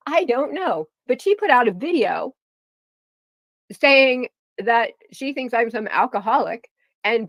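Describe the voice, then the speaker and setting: A woman's voice: a little high, dry recording. A middle-aged woman vlogger ranting angrily to her viewers, heated and profane, repeating herself as she defends her family. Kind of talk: angry rant to camera.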